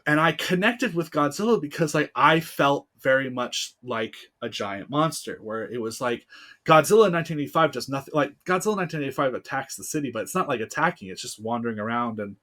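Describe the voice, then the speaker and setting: A man's voice: medium pitch, animated, quick pace, a bit bright. A podcast guest in his thirties with a man's voice, from the United States, telling a personal story in casual interview chat, heartfelt and full of fillers. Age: 30s.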